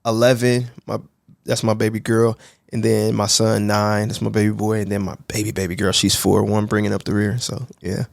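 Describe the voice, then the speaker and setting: A man's voice: lowish voice, level tone, normal speed, gravelly, dry recording, clean studio sound. A man in his thirties, a guest talking in an easygoing, self-deprecating way. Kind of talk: casual conversation.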